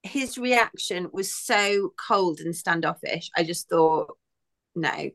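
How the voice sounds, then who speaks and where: A British woman co-hosting a podcast, giving her opinions in a measured, casual way. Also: lowish voice, animated, fairly bright tone. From Britain. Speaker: podcast co-host. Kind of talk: casual chat.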